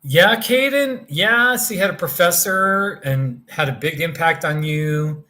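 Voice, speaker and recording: Animated, tired man chatting on a livestream. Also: fairly high pitch, a little slow. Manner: rambling and animated, chatting to viewers by name. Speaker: livestream host reading viewer chat. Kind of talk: casual livestream chat. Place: motel room.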